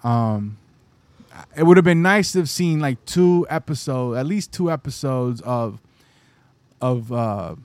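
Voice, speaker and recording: A man's voice: medium pitch, expressive, a little slow, darkish tone, no echo. A man co-hosting a podcast in casual chat, easygoing and rambling, often restarting his sentences. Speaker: podcast co-host.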